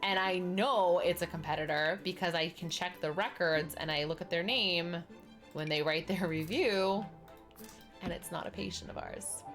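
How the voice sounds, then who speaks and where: A young woman with a lowish voice chats casually while she plays, telling long stories and jumping into other people's voices. Faint music runs quietly behind her. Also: normal speed. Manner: chatty storyteller, acts out quoted people with big pitch jumps. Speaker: streamer chatting while playing. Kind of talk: casual chat on a game stream.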